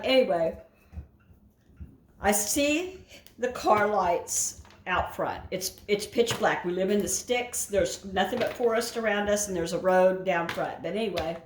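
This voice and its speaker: A woman's voice: mid-range voice, echoey room, slight background noise. A woman vlogger chatting casually while cooking at home, wandering through a story and circling back with "anyway". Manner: rambling storyteller, keeps saying "anyway". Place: home kitchen.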